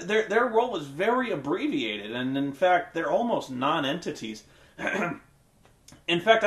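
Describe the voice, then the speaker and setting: A man giving a casual, rambling spoken film review with many fillers, restarts and blunt swearing. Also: a little high. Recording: echoey room.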